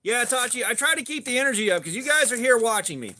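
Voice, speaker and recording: Southern guy in his 40s chatting on a livestream, high voice, cusses a lot, bit of hiss and clicking behind. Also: animated, fast, sharp tone. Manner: upbeat, swearing, greets viewers by name. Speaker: livestream host. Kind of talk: casual livestream chat. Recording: faint background noise and clicks.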